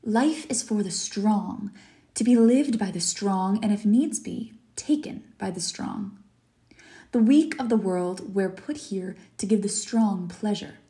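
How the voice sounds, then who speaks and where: A woman's voice: mid-range voice, dark tone, natural voice. Fields: Woman reading as a suave, cruel old general. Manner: urbane, mocking, unhurried. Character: suave cruel aristocratic older male general. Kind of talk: reading a story aloud.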